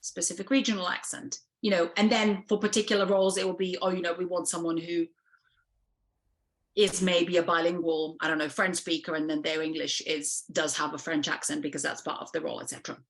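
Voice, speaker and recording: This woman's voice is low-ish, brisk, and fairly flat in pitch as she speaks frankly in an interview conversation. She's a casting director with a Serbian accent, and her talk is full of fillers and restarts.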